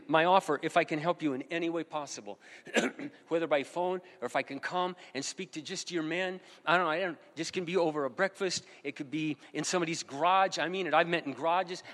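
A man's voice: fairly high pitch, brisk, a bit bright. A middle-aged pastor preaching a sermon, earnest and emphatic, repeating his key phrases. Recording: long hall reverb.

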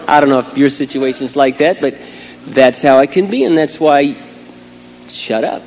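A middle-aged man preaching a sermon as a pastor, swinging from quiet asides to loud, emphatic outbursts. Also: mid-range voice, normal speed, muffled recording. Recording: long hall reverb, faint hum.

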